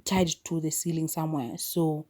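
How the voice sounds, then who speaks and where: A podcast host, she chats her way through a movie's storyline, often breaking off for brief asides or starting over. The talk is a casual recap. Her voice is low and mellow, relaxed rather than bright.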